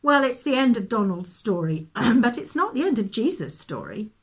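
A woman gently reading a children's Bible story aloud, with expressive storytelling. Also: on the high side, moderate pace, husky.

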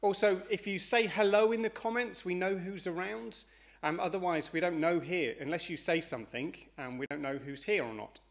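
A man's voice: sits high, normal speed, vocal fry. A man leading a church service, slightly out of breath, giving notices with frequent hesitations. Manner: hesitant, many uhs and ums.

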